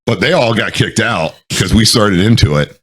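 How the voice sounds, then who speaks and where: A man's voice: lowish voice, lively intonation, normal speed, a bit bright, husky. A man in his thirties, a Marine veteran and co-host, telling profane stories with lots of laughter in casual chat.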